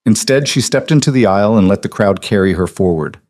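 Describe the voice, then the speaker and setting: A man narrating a scripted story in a calm, measured way. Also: on the low side, dry recording.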